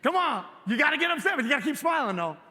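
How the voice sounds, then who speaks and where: A high, lively male voice with a bright, forceful edge. He delivers a keynote to a live audience, firing questions at the crowd and pulling them in. The sound carries a long hall reverb. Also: rapid-fire. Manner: energetic, engages audience with questions. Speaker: keynote speaker. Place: large hotel event hall.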